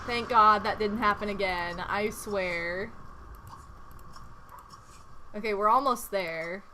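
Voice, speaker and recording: A woman doing casual gameplay commentary as a streamer, chatty and prone to loud exasperated outbursts. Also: medium pitch, slow, slight background noise. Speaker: game streamer.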